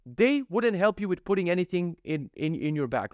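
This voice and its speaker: Vlogger, male, 30s, slightly high voice, profane and animated storyteller, dry close recording. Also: fairly quick, hardly any pauses, clear, resonant tone, dry recording. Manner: animated, profane, acts out his own thoughts and quotes. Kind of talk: casual storytelling monologue.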